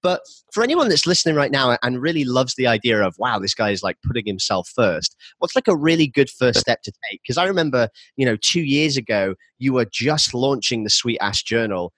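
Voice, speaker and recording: A man's voice: mid-range voice, big pitch swings, brisk, few pauses, a bit bright, no echo, poor audio. A man hosting an interview, talking candidly and earnestly before asking his question. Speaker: host. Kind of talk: conversational interview.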